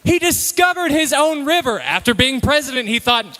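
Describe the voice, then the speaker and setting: Man, very high voice, comedic live talk, playful punchy delivery. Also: sing-song, moderate pace, sharp tone. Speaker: presenter at a live talk night. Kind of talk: comedic slide presentation to a live audience.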